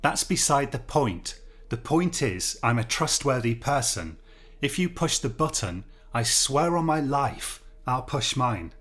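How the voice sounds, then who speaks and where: A man's voice: mid-range voice, very animated, measured pace, a bit bright. Brief: a man reading as a prim, pleading schoolteacher in a cell, defensive and earnest, audiobook story. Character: anxious pompous male schoolteacher prisoner, pleading.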